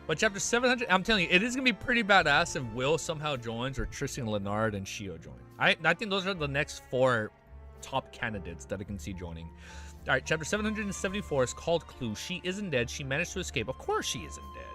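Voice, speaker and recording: A man streaming live, reading a novel aloud and breaking off into excited, profane reactions. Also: a little high, brisk, soft background music.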